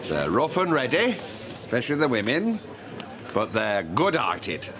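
Brief: older pub landlord, pompous and flowery, very lively pitch. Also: male voice, a little slow, crowd noise. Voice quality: grandiose, repetitive phrasing. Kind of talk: TV soap drama acting.

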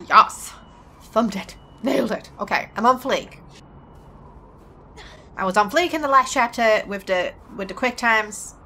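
A woman's voice: fairly high pitch, a little slow, long pauses, bright, forceful tone, a little hiss or hum. A woman casually commentating a game, chatty and jokey, talking back to the characters. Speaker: let's play host.

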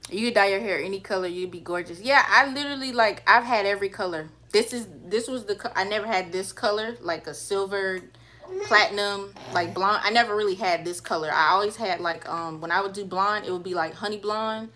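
A woman's voice: medium pitch, brisk, pushed and bright. Chatty young woman with a Carolina accent. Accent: Southern US (Carolina). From North Carolina or South Carolina, US. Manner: chatty, loose, trails off with fillers. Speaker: hair vlogger reading live comments. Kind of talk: casual chat, livestream. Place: at home, indoors.

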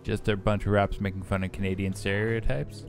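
A man's voice: lowish voice, little pitch movement, fairly quick, music in the background. A young man casually commenting on his gameplay in a rambling, profane, joking way. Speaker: gaming streamer.

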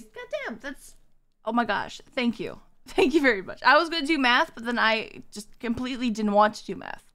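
A woman's voice: high voice, vocal fry, fairly bright tone. A woman streamer chatting with her viewers, bubbly as she reads and thanks the chat.

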